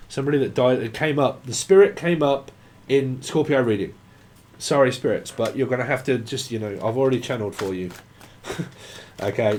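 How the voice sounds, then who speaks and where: A tarot reader with a mid-range, darkish voice rambles in free association, tossing out names and words, swearing, and now and then breaking into snatches of songs. There's slight background noise in the recording.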